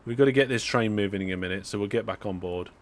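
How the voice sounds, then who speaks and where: Young UK man, chatty live-stream gamer, talks to viewers mid-game, relaxed and rambling. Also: on the low side, quick pace. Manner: chatty, talks to viewers while playing, frequent fillers and restarts. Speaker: streamer driving a train simulator. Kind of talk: casual live-stream commentary.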